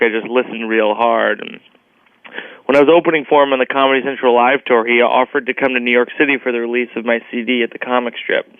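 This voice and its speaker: Over a phone-like line, a comedian guest in a radio studio tells a scripted personal story in a wry, earnest, self-deprecating way. His voice is mid-range, with no room sound.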